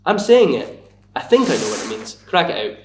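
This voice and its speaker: A man's voice: on the high side, big pitch swings, a little fast, far from the mic, noisy background. A young man with a Scottish accent from the Glasgow area, chatting casually as a podcast guest. He rambles, fills his talk with "like" and jokes at his own expense. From Scotland. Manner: rambling, lots of "like", self-mocking. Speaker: podcast guest, bar worker. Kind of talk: casual chat. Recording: echoey room, from off the mic.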